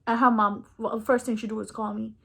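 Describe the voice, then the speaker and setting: Young female vlogger with a fairly high voice, candid and expressive, for a casual storytime retelling. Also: fast talker, vocal fry, breathy edge. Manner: acts out quoted dialogue in her story.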